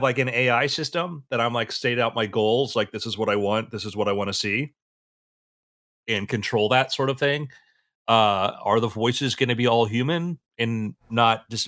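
A married man on a casual podcast, thinking out loud with many fillers and restarts. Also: medium pitch. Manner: rambling, hesitant, many fillers. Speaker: podcast co-host.

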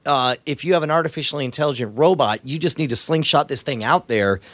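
A man in his thirties co-hosting a podcast, talking in a quick, rambling way with lots of fillers and restarts. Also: on the high side, fairly bright tone, dry recording. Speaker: podcast co-host. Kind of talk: casual chat.

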